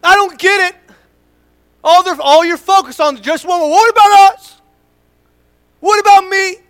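A man's voice: very high-pitched, unhurried, fairly bright tone, pitched above the performer's own voice. A man preaching, imitating an entitled longtime church member who whines about being overlooked. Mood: aggrieved. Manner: whiny, aggrieved listing of complaints.

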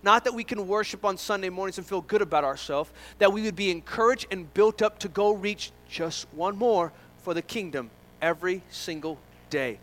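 A man's voice: high voice, normal speed, few pauses, a bit bright, poor audio. A man preaching a sermon as pastor, earnest and emphatic, driving points home with repetition.

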